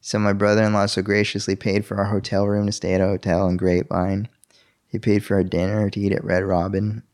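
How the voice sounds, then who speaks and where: A man's voice: on the low side, level tone, a little fast, a little mellow. A young man telling a personal faith story in an interview, earnest and full of fillers and restarts.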